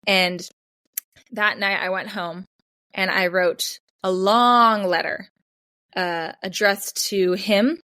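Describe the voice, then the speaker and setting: A young woman recounts a personal story as a podcast guest, lively and conversational, with a mid-range voice. She leans on "like" and slips into other people's voices as she retells conversations. The sound is dry and close. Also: mid-range voice, slow, no echo. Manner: animated retelling, acts out both sides of conversations, frequent "like". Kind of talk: casual storytelling interview.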